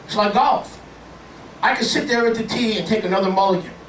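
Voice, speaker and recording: A high-pitched male pastor delivers an animated, joking sermon, slipping into little acted voices as he tells his stories. He sounds a bit distant from the microphone in an echoey worship hall, with faint room ambience behind him. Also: brisk, slight background noise.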